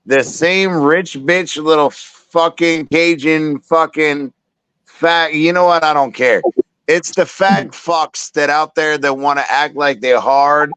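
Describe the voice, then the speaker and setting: A man's voice: fairly high pitch, fairly even intonation, takes it slowly, fairly bright tone, smooth, no echo. A man from South Carolina ranting profanely in casual podcast chat. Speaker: podcast co-host.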